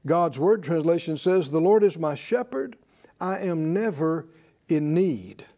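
A man's voice: fairly high pitch, lively intonation, measured pace, mellow. A man preaching a sermon to a congregation, emphatic and leading them in call-and-response. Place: church service with congregation.

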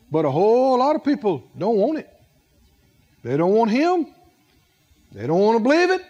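A man's voice: very high-pitched, sing-song, normal speed, long pauses, warm tone. A man preaching a sermon, asking the congregation questions and repeating words for emphasis.

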